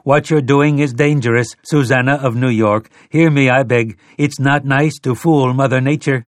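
A man's voice: medium pitch, steady tone, moderate pace, no room sound, clean studio sound, close to an everyday voice. A man doing an eerie pleading machine voice. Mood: warning. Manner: pleading, formal warnings. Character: eerie mechanical warning voice of a machine.

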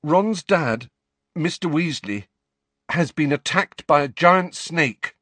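A man's voice: a little high, lively intonation, takes it slowly, fairly bright tone, dry recording, voice pushed up, exaggerated voice. A man reading aloud and voicing an anxious, defiant teenage boy wizard who speaks urgently and emphatically.

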